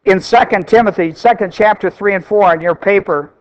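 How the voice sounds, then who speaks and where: A man's voice: high-pitched, a little fast, dull audio. A male pastor preaching a sermon, emphatic and repeating key phrases for stress.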